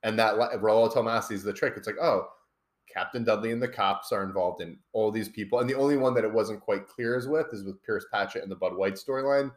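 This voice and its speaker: Low-voiced man rambling about films. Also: fairly quick. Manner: rambling, restarts with lots of "like". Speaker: podcast co-host. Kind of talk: casual film discussion.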